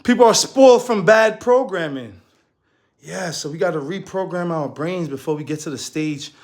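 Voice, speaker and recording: Young New guy, high voice, animated motivational chat with plenty of laughs. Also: normal speed. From New York. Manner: animated, laughs often, slangy. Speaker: fitness coach and streamer. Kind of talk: casual motivational talk. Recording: echoey room.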